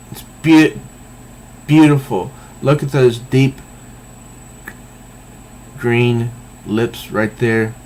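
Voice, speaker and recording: Slow-talking male comic reviewer. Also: mid-range voice, darkish tone, a little hiss or hum. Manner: easygoing, enthusiastic asides. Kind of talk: casual comic review, reading panels aloud.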